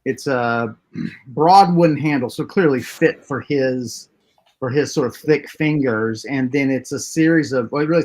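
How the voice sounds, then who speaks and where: A man's voice: medium pitch, noisy background. A man narrating a tabletop game as game master, hesitant and full of filler words.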